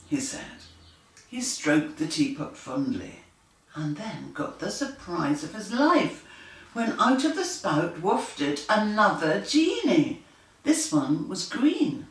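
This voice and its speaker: Woman reading a kids' picture book, slow and bouncy, echoey room, sits back from the mic. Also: deep voice, recorded from a distance. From United Kingdom. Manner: slow, animated, doing lively animal and machine noises. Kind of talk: children's storybook reading.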